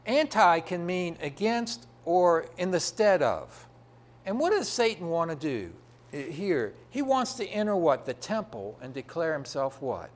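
A man's voice: a little high, very animated, measured pace. A man preaching a sermon, asking the congregation rhetorical questions and answering them himself.

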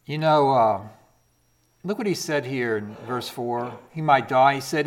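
A man preaching a sermon, swinging from loud emphatic peaks to hushed whispers and throwing rhetorical questions at the congregation. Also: medium pitch, lively intonation, unhurried.

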